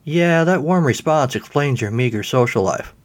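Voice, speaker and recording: Man doing a high snooty goddess, sarcastic, mocking, read-aloud play. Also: expressive, moderate pace, lightly acted. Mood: haughty. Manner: haughty, mocking.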